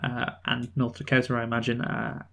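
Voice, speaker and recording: A man's voice: mid-range voice, monotone, vocal fry, pushed and bright. Enthusiastic rambling man reviewing a film. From North of England. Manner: enthusiastic, rambling, halting restarts. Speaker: film review podcast co-host. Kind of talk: casual film discussion.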